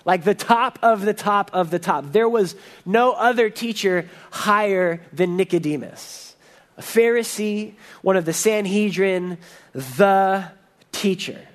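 A man preaching a sermon with a high-pitched voice. He speaks earnestly and with emphasis, and he often stumbles and restarts mid-sentence as he explains the passage. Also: a little slow. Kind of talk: expository sermon.

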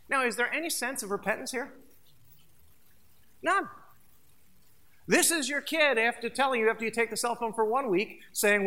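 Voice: medium pitch, expressive, fairly quick, bright, forceful tone. A pastor preaching a sermon, emphatic and conversational, talking straight to the congregation and repeating phrases for stress. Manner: addresses the congregation directly.

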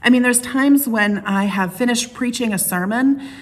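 A woman's voice: on the high side, normal speed. A middle-aged woman pastor delivering a conversational sermon, telling stories with playful asides. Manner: chatty storytelling with playful asides.

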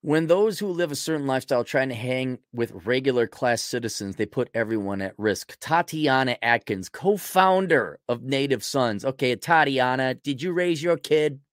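A man's voice: mid-range voice, lively intonation, moderate pace, hardly any pauses, dry recording, studio quality. A male podcast host delivering a ranting commentary, sarcastic, profane and mocking.

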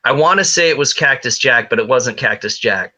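Male podcast co-host, very bright tone, crude joking banter. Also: medium pitch, animated, fairly quick. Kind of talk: casual chat.

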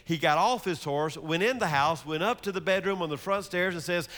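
A male pastor giving a sermon, moving from lively storytelling to slow, hushed emphasis. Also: on the high side, in a large hall.

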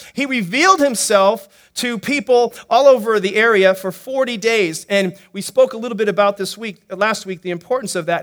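A male pastor preaching a sermon in an animated, playful way, joking and asking the congregation questions. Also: sits high. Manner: animated, playful preaching with jokes and acted-out quotes.

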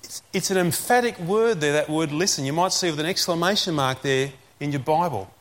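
A man preaching a sermon, repeating key phrases and slowing down to stress commands. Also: fairly high pitch, fairly bright tone.

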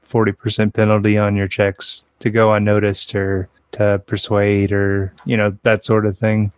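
A man's voice: fairly low pitch, monotone, moderate pace, clean tone, dry recording. A man from Alabama, a podcast co-host, chatting casually and jokingly about a tabletop game.

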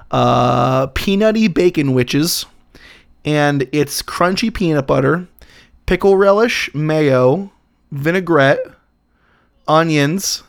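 A man's voice: on the high side, vocal fry. A young man co-hosting a comedy podcast, riffing crude jokes and laughing often. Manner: laughing, riffing, swearing, silly bits. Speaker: podcast co-host.

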